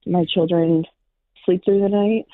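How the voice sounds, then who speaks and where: A woman's voice: on the low side, steady tone, a little slow, no echo. A woman in her thirties calling into a late-night stream, chatty and upbeat. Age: 30s. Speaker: caller. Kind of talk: casual phone call. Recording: tinny phone line.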